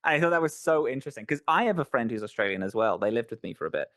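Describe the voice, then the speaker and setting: A man's voice: medium pitch, lively intonation, very fast, fairly bright tone, no room sound, clean studio sound. A man with a neutral London accent hosting a podcast chat, rambling, swearing casually and laughing often. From England. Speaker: podcast host.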